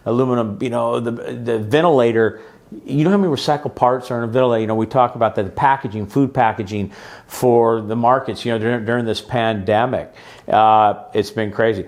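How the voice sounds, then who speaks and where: Chatty middle-aged male podcast host. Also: mid-range voice. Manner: enthusiastic, rambling with restarts. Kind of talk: casual interview chat.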